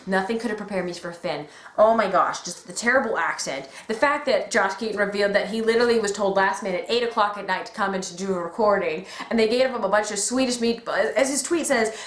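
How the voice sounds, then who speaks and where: A woman in casual fan chat, excitable and gushing, acting out quotes as she talks. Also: medium pitch, fast talker. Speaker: podcast guest. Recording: echoey room.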